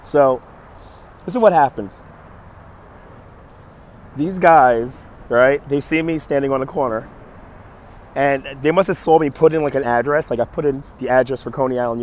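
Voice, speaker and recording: A hoarse man who keeps coughing, telling a story on a live stream in an animated, exasperated way. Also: mid-range voice, slight background noise. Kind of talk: casual storytelling to chat.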